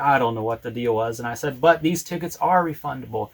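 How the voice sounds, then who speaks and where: A man's voice: medium pitch, quick pace, few pauses. A man telling a personal travel story in a casual first-person style, acting out the dialogue with frequent restarts. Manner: animated retelling with acted-out dialogue and frequent restarts. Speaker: storyteller recounting a travel ordeal.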